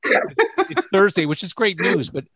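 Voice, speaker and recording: A man's voice: high voice, big pitch swings, normal speed, gravelly, a crowd in the background. A man hosting a casual interview, rambling and complimentary, often restarting his sentences. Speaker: interviewer, host of a comedy series.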